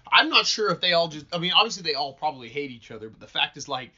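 A young man with a bright, forceful voice sits somewhere off a dull, lo-fi recording and riffs through a play reading. He swears freely, mocks his own delivery and keeps laughing between lines. His pitch sits a touch high for a man. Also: animated, fast talker. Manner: profane, giggly, self-mocking. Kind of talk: casual read-through of a play with joking commentary. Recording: dull lo-fi audio.

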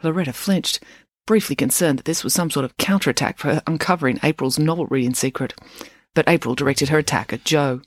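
A woman narrating a children's story with expressive, animated delivery. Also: deep voice, a little fast, dry recording, studio quality. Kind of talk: audiobook narration.

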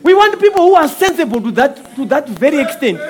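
A man with a high voice preaches a sermon as a guest speaker. He keeps it conversational and acts out little exchanges. He often repeats a word or restarts a phrase before he goes on. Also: sing-song, fairly quick. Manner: conversational preaching with acted-out quotes and rhetorical questions.

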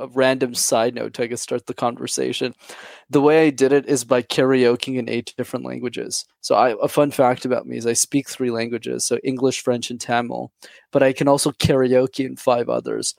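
A man from Montreal with a light Quebec accent, a guest on an interview who talks in a friendly, quick way. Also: medium pitch, creaky, dry recording. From Canada, Montreal. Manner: friendly, quick, with laughs and restarts. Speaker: guest, YouTube channel host. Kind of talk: casual interview chat.

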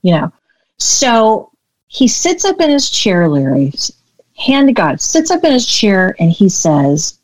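A woman business coach telling a story in a podcast interview, animated and acting out the dialogue. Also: fairly high pitch, measured pace, no echo, poor audio.

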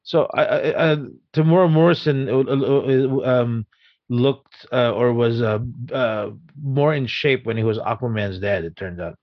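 A man co-hosting a casual podcast, talking haltingly with many ums and uhs. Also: medium pitch, no room sound, muffled recording. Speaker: podcast co-host. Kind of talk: casual chat.

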